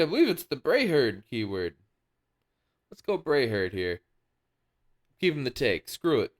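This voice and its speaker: Playful, smooth-voiced man hosting a hobby show. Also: medium pitch. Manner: playful, jokey, showman-like announcer bits. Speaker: wargaming channel host. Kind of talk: casual hobby commentary.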